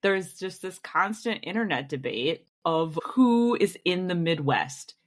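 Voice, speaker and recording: A young woman with an Inland North accent explains things at an even pace, laying out points one after another. Her voice is a little low for a woman. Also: measured pace. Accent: Inland North American. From Rochester, New York. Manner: explanatory, steady, lists things out. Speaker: podcast co-host. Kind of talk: casual chat.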